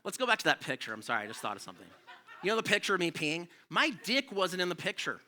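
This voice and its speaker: A middle-aged male comedian on a club stage, rambling through a loose, profane set. His voice sits fairly high and comes across very bright and forceful. He keeps it self-deprecating. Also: sing-song, quick pace. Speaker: stand-up comedian. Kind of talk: live stand-up set.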